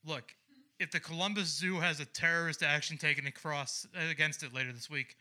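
Bright, crude stand-up comic from Ohio. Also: male voice, on the high side, steady tone, brisk. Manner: crude, sardonic, builds to loud ranting bits. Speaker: stand-up comedian. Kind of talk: stand-up comedy set.

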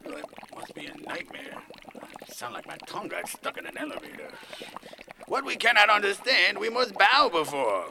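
An actor playing a bewildered modern man stuck in a dream as a groveling servant, who booms flowery praise and mutters confused asides. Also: wildly swooping pitch, normal speed, creaky, exaggerated voice. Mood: baffled. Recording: noisy recording.

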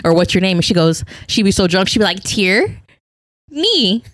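A woman's voice: fairly low pitch, fairly even intonation, fast talker, no room sound, clean studio sound. A woman in her thirties, a podcast guest telling stories casually and laughing often. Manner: giggly, laughs often, storytelling. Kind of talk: casual chat.

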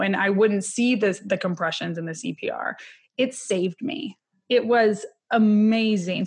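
Breathy woman in her 30s, opening up about her life on an interview, lots of "you know"s. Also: medium pitch. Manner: candid, emotional, with many fillers and quick laughs. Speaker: interview guest. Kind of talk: personal storytelling in conversation.

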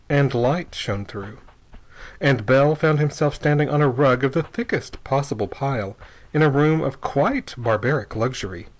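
A man reading an adventure novel aloud in a measured, steady narration. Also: medium pitch, rough recording. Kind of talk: audiobook narration.

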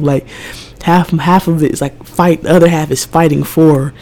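A young woman hosting her own podcast talks through her feelings in a loose, emotional, rambling monologue. Her low, dark voice has a gravelly, creaky edge and a steady tone at normal speed, and she says "like" constantly as she circles her thoughts.

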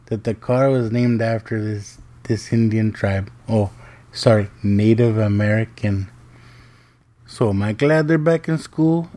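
A man's voice: on the low side, slow, mellow. A middle-aged man hosting a podcast, telling family stories in a chatty, joking way. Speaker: podcast host. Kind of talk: casual monologue.

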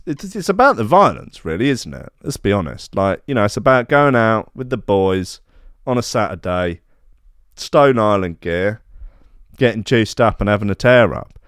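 A man hosting a podcast, talking in a rambling, sardonic way with lively ups and downs in his pitch. His voice sounds smooth and resonant, recorded close on a dry mic with no room sound. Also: normal speed, no room sound. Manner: rambling, sardonic, with frequent restarts and asides. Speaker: podcast host. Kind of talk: casual comedic podcast monologue.

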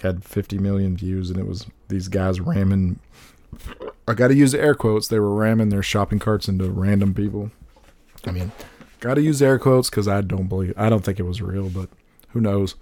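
Gravelly-voiced laid-back guy, cursing. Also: lowish voice, moderate pace, no room sound. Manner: animated, swears freely, laughs often. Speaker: podcast co-host. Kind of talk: casual podcast chat.

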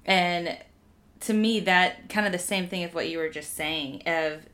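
A woman's voice: fairly low pitch, measured pace, a bit bright. A woman in her thirties from Texas with a Texan accent, talking earnestly and emotionally as a guest in a casual interview. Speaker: guest writer.

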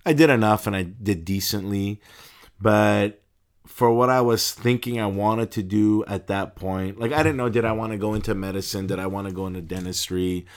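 Animated man telling a funny story. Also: moderate pace. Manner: animated storyteller, stumbles and laughs, pitch jumps when excited. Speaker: interview guest, deacon and pharmacist. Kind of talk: casual storytelling interview.

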